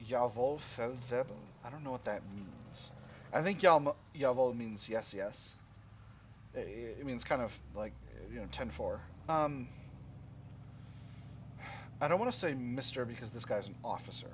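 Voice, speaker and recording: A man's voice: medium pitch, animated, unhurried, long pauses, slight background noise. A man hosting a let's play, reading game text aloud and thinking through his choices with hesitant fillers. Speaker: gaming channel host.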